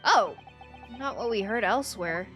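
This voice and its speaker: A woman's voice: fairly high pitch, lively intonation, normal speed, fairly bright tone, faint music behind, voice pushed down. A woman reading the lines of an earnest young male defense lawyer from a video game in her own voice. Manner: earnest, questioning. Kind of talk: reading game dialogue aloud.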